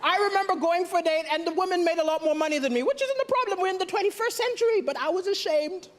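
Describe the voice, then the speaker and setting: A man's voice: extremely high pitch, expressive, fast. A man from Malawi doing a stand-up comedy routine on a theatre stage, with punchy setups and dry punchlines. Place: large theatre stage before a live audience. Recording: live stage show with roaring audience laughter and applause.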